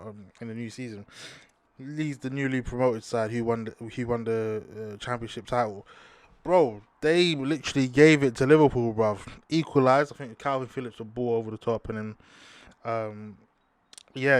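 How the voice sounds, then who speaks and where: A young man, hosting a casual football talk show, slangy and animated, breaking into outraged high-pitched rants. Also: no echo. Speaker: football podcast host. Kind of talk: casual sports talk monologue.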